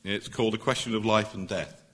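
A middle-aged man, a barrister, addressing a public meeting in an earnest, emphatic way that builds to forceful points. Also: on the low side, fairly quick. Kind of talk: public speech.

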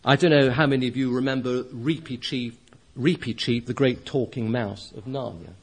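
A man preaching, reading a children's story aloud with expressive, measured storytelling. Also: mid-range voice.

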